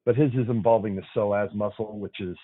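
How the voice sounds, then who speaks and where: A man's voice: lowish voice, fairly even intonation, brisk, no echo. A man who works as an emergency physician, a guest on a podcast, upbeat and explaining things plainly. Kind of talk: casual podcast interview. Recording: dry, phone-like remote line.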